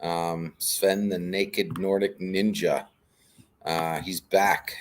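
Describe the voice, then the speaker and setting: A man's voice: low voice, steady tone, very slow, slight background noise. A man hosting a casual morning stream chat, laid-back and joking.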